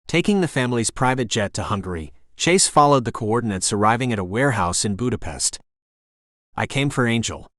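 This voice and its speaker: A man narrating an audiobook in a steady, even storytelling manner. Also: mid-range voice, fast talker, hardly any pauses, no room sound, clean studio sound. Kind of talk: scripted narration.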